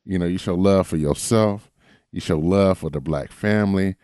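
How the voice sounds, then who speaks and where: A man's voice: sits low, normal speed, dark tone, no room sound, clean studio sound. A man co-hosting a podcast in casual chat, laid-back and blunt. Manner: laid-back, blunt, calls people baby. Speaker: podcast co-host.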